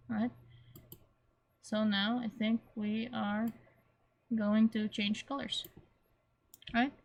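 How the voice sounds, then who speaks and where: A woman walking through a software tutorial step by step, repeating key points and often clearing her throat. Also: medium pitch. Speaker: teacher. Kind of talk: screen-recorded software tutorial.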